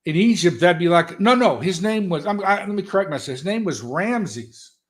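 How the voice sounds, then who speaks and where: A man telling stories as a guest in an animated, folksy, loud way. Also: high voice, normal speed. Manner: animated, folksy storyteller who talks loud. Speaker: guest, political strategist. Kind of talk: casual motivational talk.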